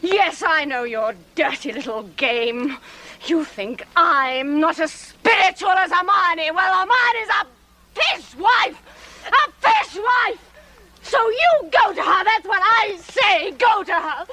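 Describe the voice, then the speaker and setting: A woman's voice: very high voice, animated, slow, heavily acted, low-quality recording. An actress playing a furious, jealous woman who bitterly berates her lover in a period film drama. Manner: bitter, shouting, scornful.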